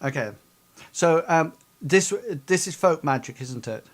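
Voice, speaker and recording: A man running a tabletop role-playing game as game master, explaining the rules hesitantly, with many pauses and restarts. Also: a little high, lively intonation.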